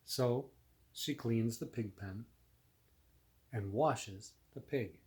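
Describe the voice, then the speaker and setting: A man reads a children's picture book aloud at an unhurried, steady pace. He stops every so often to ask his young listener questions. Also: mid-range voice. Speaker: reader to a child.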